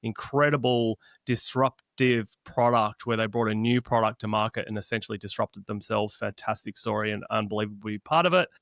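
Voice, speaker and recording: A man in his forties from Australia with an Australian accent, talking casually as a podcast guest with quick, self-deprecating asides. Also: fairly low pitch, fairly bright tone, dry recording, studio quality. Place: home podcast setup. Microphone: podcast mic.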